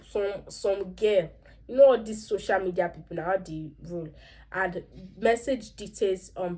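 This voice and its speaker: A woman's voice: mid-range voice, a little mellow. A young Nigerian woman recapping a series episode in a chatty, opinionated way, with asides in Pidgin and Yoruba. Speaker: vlogger. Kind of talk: casual reaction recap.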